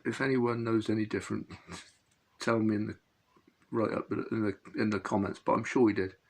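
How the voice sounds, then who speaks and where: A man's voice: on the low side, gravelly, a bit bright, slightly rough. A middle-aged man, rambling and chuckling as he recounts an old fishing match, often correcting himself mid-sentence. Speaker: fishing channel host. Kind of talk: casual anecdotal storytelling.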